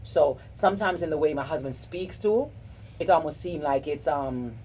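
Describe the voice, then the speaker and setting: A husky, expressive low voice at a moderate pace belongs to this middle-aged podcast host from South Florida. Chatting casually with a group, she offers earnest relationship advice in a warm, rambling way full of restarts.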